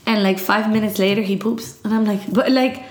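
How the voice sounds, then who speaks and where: A woman co-hosting a casual chat, animated and storytelling, acting out quotes and slipping in Spanish. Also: mid-range voice, a little fast, echoey room. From Miami. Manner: animated storyteller, acts out quotes, laughs, code-switches to Spanish. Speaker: podcast co-host, mother.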